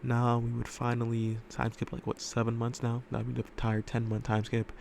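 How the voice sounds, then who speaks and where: Rambling gravelly-voiced guy. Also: medium pitch, monotone, normal speed, a little mellow, a little hiss or hum. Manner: rambling, filler-heavy, casual swearing. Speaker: fan-fiction storyteller. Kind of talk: casual storytelling commentary. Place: room indoors at home.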